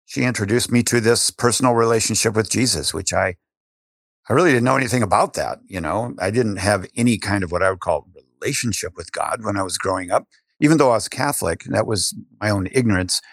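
An older man telling his story as an interview guest, animated, with frequent restarts. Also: on the low side, fairly quick, creaky, slightly rough, dry recording, studio quality.

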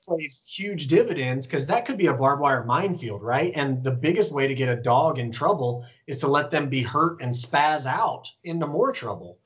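A man speaking as a podcast guest, explaining training methods in a relaxed, casual way. He talks at a middle pitch and fills his pauses with ums and you-knows. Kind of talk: casual conversation.

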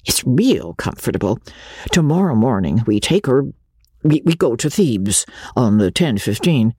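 A woman's voice: rumbling low, very animated, measured pace, warm tone, slightly rough, no echo, studio quality, exaggerated voice. A woman voicing a hesitant, polite middle-aged small-town man in an audiobook, stammering over his words. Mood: deferential. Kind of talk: audiobook character voice.

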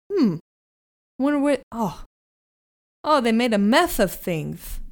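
A woman's voice: fairly high pitch, pitched above the performer's own voice. A woman voicing a fussy, mildly exasperated woman who mutters to herself.

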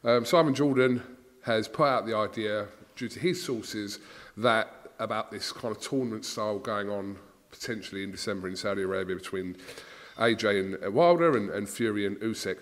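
A man's voice: lowish voice, normal speed. A man hosting a podcast interview, chatting along as he sets up his questions. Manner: conversational, setting up questions. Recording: long reverb.

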